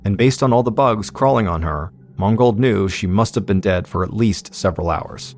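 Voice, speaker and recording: A man narrating a true-crime story in a steady, suspenseful scripted style as podcast host. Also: on the low side, moderate pace, faint music behind.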